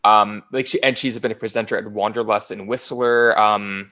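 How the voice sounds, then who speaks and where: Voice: medium pitch, steady tone, normal speed, sharp tone. A podcast co-host talking enthusiastically and gushing praise in a casual chat.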